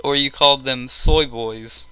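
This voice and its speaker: A man's voice: medium pitch, steady tone, measured pace, a crowd in the background. A young man in casual online chat, a laughing, chatty storyteller.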